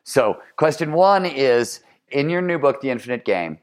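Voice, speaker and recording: A man's voice: medium pitch, very animated, moderate pace. A man hosting a podcast, talking in a thoughtful and reflective way. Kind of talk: casual conversational chat.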